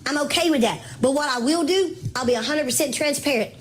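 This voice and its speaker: Talking fairly quickly in a high voice, a woman runs a relaxed live-stream sale and calls her viewers baby girl and mama. All that chatting has made her hoarse as her voice starts to give out.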